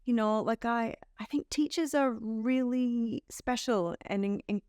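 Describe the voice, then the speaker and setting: Smooth-voiced Australian actress in an interview. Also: female voice, fairly high pitch, slow, no room sound, clean studio sound. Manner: warm storytelling with playful quoted asides. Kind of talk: casual interview chat.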